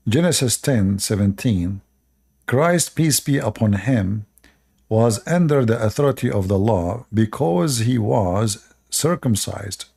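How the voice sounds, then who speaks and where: A man's voice: on the low side, vocal fry, a little mellow, breathy edge. A man with an Arabic accent, native Arabic speaker, hosting a live stream and lecturing his viewers in short repeated commands with broken grammar. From Middle East. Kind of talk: casual live stream monologue.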